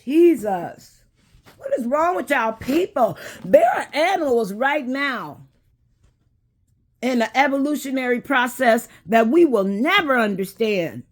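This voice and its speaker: A woman, hosting a casual talk and speaking in an unhurried, preachy way that addresses viewers directly. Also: sits high, animated. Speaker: host.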